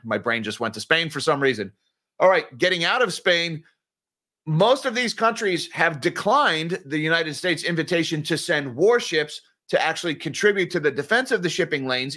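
Man, finance news commentator, sarcastic, informal, bright edgy tone. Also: mid-range voice. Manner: sarcastic, informal, addresses viewers as guys.

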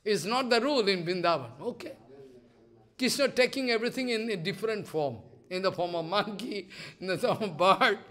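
Animated high-voiced man preaching. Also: moderate pace. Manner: animated storytelling, acts out voices, laughs often. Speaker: spiritual teacher. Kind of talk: devotional lecture.

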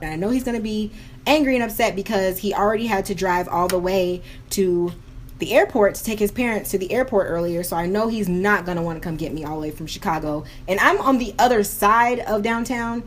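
A woman's voice: medium pitch, a little hiss or hum. A young woman vlogging at home while doing her makeup, telling a story with lots of drama, slang and quoted voices, recorded on a camera mic. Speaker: beauty vlogger.

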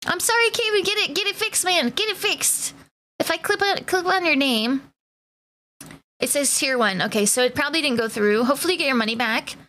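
A woman's voice: high voice, brisk, bright, forceful tone. A woman streamer chatting casually with her live viewers, greeting them by name in playful slang. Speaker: Twitch streamer.

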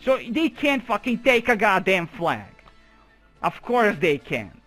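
Swearing, fairly high-voiced young man. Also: sing-song, takes it slowly, fairly bright tone, faint music behind. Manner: profane, exasperated running commentary with outbursts. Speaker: game commentator. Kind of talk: let's play commentary.

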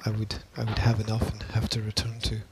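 A man's voice: fairly low pitch, completely flat delivery, quick pace, heavy background noise. A man co-hosting a podcast in casual chat, rambling and teasing, with many restarts and laughs. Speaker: podcast co-host.

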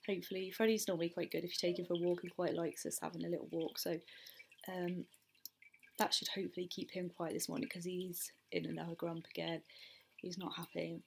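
A woman's voice: fairly low pitch, little pitch movement, brisk, vocal fry, a little hiss or hum, low-quality recording. A woman, a parent chatting candidly and rambling in a casual home vlog, recorded indoors on a handheld camera. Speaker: parent vlogger.

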